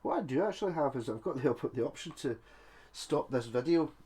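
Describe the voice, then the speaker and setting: A guitar tinkerer and video maker talks fairly quickly in a husky, dark-toned mid-range voice with lively intonation. Working on a guitar with his hands, he thinks aloud in chatty, self-mocking commentary.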